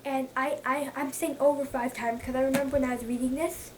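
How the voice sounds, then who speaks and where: A woman's voice: high voice, level tone, a little fast. A young woman chatting casually to camera as a book vlogger, gushing and repeating herself for emphasis. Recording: mic at a distance, faint background noise.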